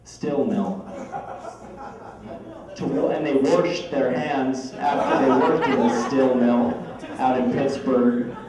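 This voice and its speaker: A man's voice: medium pitch, steady tone, slow, pauses often. A man, a grandson, giving a humorous birthday speech full of playful family anecdotes. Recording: echoey hall from far off, crowd noise.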